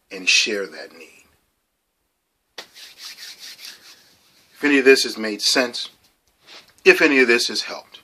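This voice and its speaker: A man hosting a documentary, giving an earnest, emphatic personal testimony that sinks to a soft near-whisper at times. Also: mid-range voice, breathy edge. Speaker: documentary host and storyteller.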